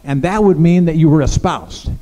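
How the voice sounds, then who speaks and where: Halting preacher in a reverberant church. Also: male voice, on the high side, warm tone, a little hiss or hum. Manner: conversational, halting, many restarts. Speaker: pastor. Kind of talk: sermon. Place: church sanctuary.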